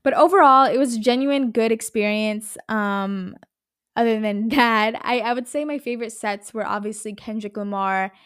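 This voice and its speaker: A woman hosting her own podcast, talking casually in an animated, rambling way and swearing a lot. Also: fairly high pitch, normal speed, smooth, dry recording, clean studio sound. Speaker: podcast host. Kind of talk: casual solo podcast chat.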